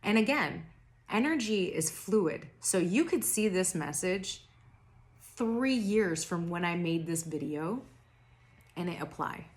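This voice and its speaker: Young woman tarot vlogger, unhurried rambling delivery with slightly low pitch, throat worn raspy and tired. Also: animated. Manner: rambling, self-interrupting, laughs at herself. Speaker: tarot reader. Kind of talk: casual spiritual reading to camera.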